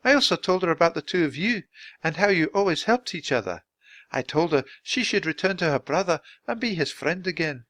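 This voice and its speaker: A man voicing a gentle young sorceress. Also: a little high, animated, fairly quick, no room sound, voice pushed up. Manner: gentle, explaining.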